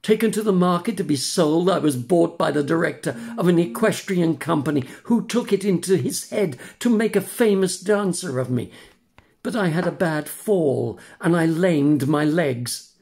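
A man's voice: fairly high pitch, expressive, moderate pace, creaky, darkish tone, pitched above the performer's own voice. Older man doing a cheeky puppet boy. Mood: storytelling. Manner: mischievous, sing-song. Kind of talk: storybook reading.

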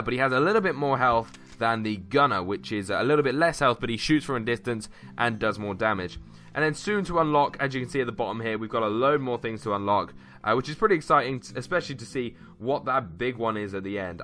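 A man's voice: medium pitch, sharp tone. A young man hosting a gaming channel, chatting casually and upbeat through gameplay commentary with frequent "uh"s.

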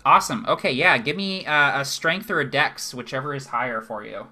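A man's voice: medium pitch, brisk, background noise. A man narrating a live tabletop game as game master, chatty and laughing often, with lots of fillers.

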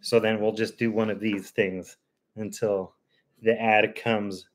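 A man's voice: little pitch movement, unhurried. A man hosting a casual live stream, chatting and laughing often with friends. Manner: laughing often, coaxing pets in a high voice.

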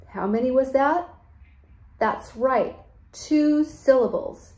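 Woman children's teacher, lively sing-song delivery, slow and over-enunciated, roomy echoey recording. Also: high voice, a little hiss or hum. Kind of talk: children's lesson.

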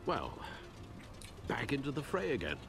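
An actor playing an elderly male butler in a video game, speaking in a measured, gentle, lecturing way. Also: medium pitch, huge pitch swings, creaky, music in the background, heavily acted. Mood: concerned.

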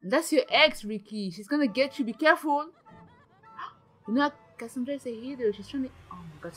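Excitable woman commenting gameplay. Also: high voice, fairly quick, husky, soft background music. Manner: excitable, gasping, frequent exclamations. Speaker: gaming channel host.

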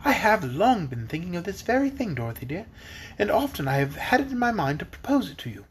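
A man's voice: sits high, sing-song, a little fast, slight background noise. A man reading a storybook aloud, voicing a kindly fairy girl ruler who speaks in a gracious, formal way.

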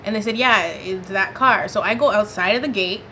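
Woman vlogger, bright tone, animated storytime delivery, faint room hum. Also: medium pitch, moderate pace. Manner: animated, dramatic storytelling with slang. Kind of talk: storytime vlog.

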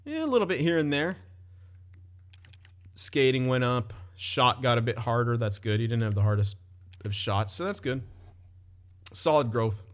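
Young man, gameplay commentary, chatty, laughing a lot, casual swearing, medium pitch. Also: expressive, normal speed, long pauses. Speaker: gaming commentator.

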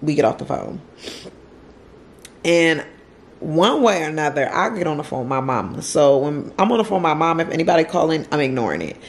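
A woman's voice: low-pitched, sing-song, brisk, slight background noise. A woman vlogger telling a story to camera from home in a casual, emotional way, repeating herself and using slang.

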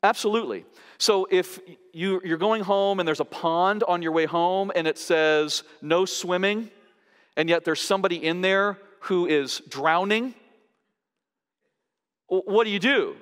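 A man preaching a sermon as pastor, emphatic, pushing his pitch up sharply to stress each point. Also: a little slow, fairly bright tone. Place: large church sanctuary. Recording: long hall reverb.

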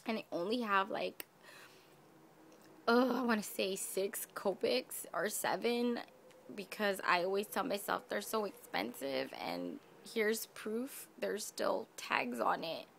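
A woman's voice: medium pitch, animated, slow, vocal fry, fairly bright tone, a little hiss or hum. A woman craft vlogger gushing over gifts in a casual unboxing video, addressing her viewers directly. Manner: gushing, effusive, talks to viewers.

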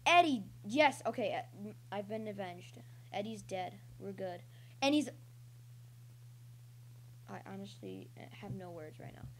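A young woman casually commentating her own online gameplay as a channel host, rambling and breaking into excited yelps and cheers. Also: medium pitch, a little slow, pauses often.

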